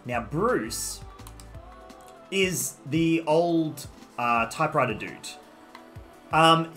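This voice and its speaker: This is casual live-stream chatter from an Australian man who plays a game and rambles while greeting and answering viewers. His voice is a little high and fairly bright. Faint music sits behind him, and he's recorded on a desktop microphone.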